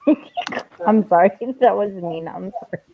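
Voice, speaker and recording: A woman's voice: fairly low pitch, fairly even intonation, normal speed, creaky, phone-quality sound, slight background noise. A woman in casual group voice chat, playful and teasing, swearing casually. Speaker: voice chat participant.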